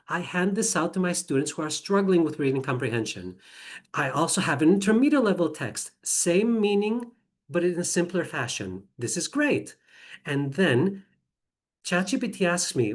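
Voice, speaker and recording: A woman's voice: lowish voice, big pitch swings. Enthusiastic woman presenting a teaching webinar. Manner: chatty, enthusiastic, with quick apologetic asides. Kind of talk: online presentation with screen sharing.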